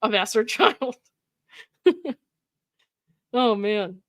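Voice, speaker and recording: A woman's voice: on the high side, lively intonation, extremely slow, a bit bright, no echo. A woman host reading text messages aloud with casual commentary, laughing often and reacting with exasperated asides. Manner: laughs often, reads quoted texts with mock emphasis, frequent likes and ums.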